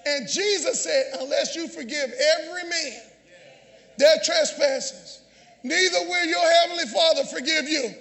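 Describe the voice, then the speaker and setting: A man preaching a sermon, shouting call-and-response lines to his congregation and often repeating or restarting phrases. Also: very high voice, normal speed. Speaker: pastor. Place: large church sanctuary. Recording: long church reverb, faint congregation.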